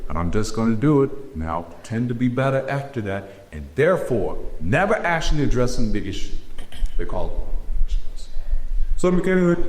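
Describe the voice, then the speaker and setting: A former pastor, telling his story to an audience, swinging from high and loud to low and quiet. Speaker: former pastor giving a talk. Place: large auditorium. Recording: echoey hall, faint room noise.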